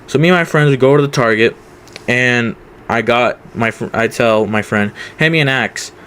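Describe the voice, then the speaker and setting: A man's voice: medium pitch, steady tone, normal speed, a bit bright, slight background noise. A young man telling a casual storytime, rambling with many fillers. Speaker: vlogger.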